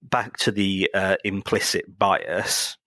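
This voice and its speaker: A man's voice: low-pitched, fairly even intonation, takes it slowly, pushed and bright, no room sound. A man on a podcast making an earnest point, hesitating with fillers as he builds his argument. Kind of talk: casual podcast discussion.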